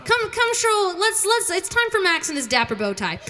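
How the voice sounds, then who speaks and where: A woman's voice: very high voice, big pitch swings, normal speed, sharp tone. A bubbly, giggly woman chatting casually to livestream viewers at home between songs, as a singer hosting her own concert.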